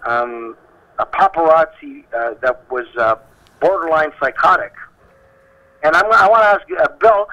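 A man leads a heated panel discussion. His voice is bright and forceful, and it comes through a somewhat muffled, lo-fi recording. He speaks with emphasis and keeps restarting his sentences to drive his point home. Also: a little high, moderate pace. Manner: emphatic, impassioned, many restarts. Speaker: talk show host. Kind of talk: opinionated panel talk.

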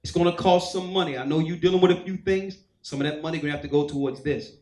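A man's voice: a little high, fairly even intonation, quick pace, a little mellow, roomy sound, rough recording. A man preaching as a church elder, telling a personal testimony and acting out the voices of people in his story. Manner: storytelling, acts out quoted voices. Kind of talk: sermon testimony.

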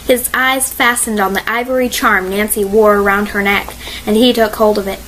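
A woman narrating a mystery audiobook in a measured, expressive reading style. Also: medium pitch, a little hiss or hum, rough recording.

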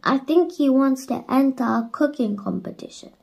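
An excited young boy from a children's storybook, blurting out high, loud exclamations, as a woman reading aloud puts him on. The lines jump well above her calm narrating voice. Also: normal speed, gravelly. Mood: earnest.

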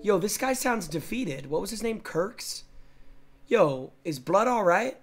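A young man streaming and reacting to game clips, brash and profane, often breaking into shouting. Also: high voice, lively intonation, unhurried, slight background noise. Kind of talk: loud casual stream commentary.

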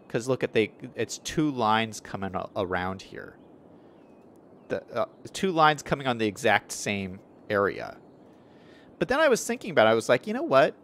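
Chatting casually over his city-building stream, this man plans out loud and frequently corrects himself partway through sentences. He has a medium-pitched, slightly bright voice, with a little hiss or hum in the recording.

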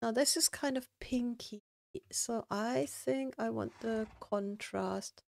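A woman streams a building game, chatting casually with her viewers and thinking out loud, full of fillers. Her voice sits on the high side, with a slow, creaky delivery and a darkish tone.

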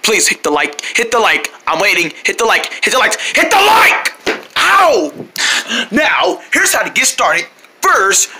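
A channel host playing several characters in a silly kids' skit, switching between goofy voices and bursting into shouts and squeals. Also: medium pitch.

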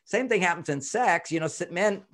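A man's voice: sits high, a little fast. A man who writes on relationships, talking in a casual interview, acting out quoted voices and chuckling as he explains. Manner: animated, acts out quoted voices, chuckles often. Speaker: relationship author and expert guest.

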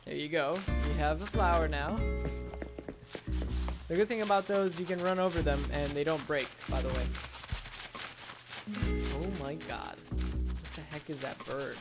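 A man casually commenting as a gaming streamer in an excitable, chatty way, reading and answering chat. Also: fairly high pitch, measured pace, long pauses. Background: loud music.

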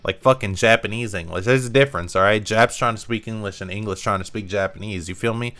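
Young male let's player, joking and profane, low pitch, bright animated voice. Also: fast talker. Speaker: gamer. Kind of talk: let's play commentary.

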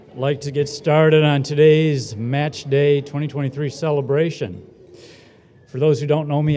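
A man warming up a crowd at a ceremony, breezy and self-deprecating, cracking jokes between announcements. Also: mid-range voice. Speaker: event emcee. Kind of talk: joking welcome speech. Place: hotel ballroom. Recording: long hall reverb.

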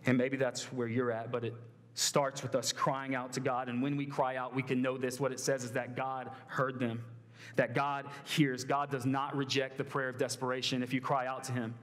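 A man's voice: medium pitch, level tone, moderate pace, fairly bright tone. A young man preaching a sermon to a college group in a conversational way, with many fillers and restarts. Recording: long hall reverb.

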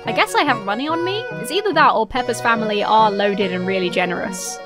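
A woman's voice: a little high, animated, fast talker, over music. A young British woman giving playful, sarcastic commentary while playing a children's game. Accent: British English. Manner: giggly, sarcastic asides. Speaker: let's-play host.

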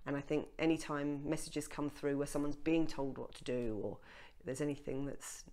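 A woman co-hosting a casual spiritual chat, speaking in a thoughtful, halting way. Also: low-pitched, fairly even intonation, mellow. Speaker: co-host.

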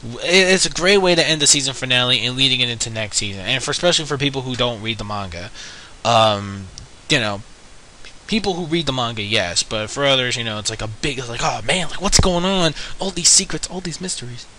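A man's voice: medium pitch, animated, a little fast, bright, forceful tone, slight background noise, poor audio. A young man casually reviewing an anime episode, rambling with many fillers and frequent swearing.

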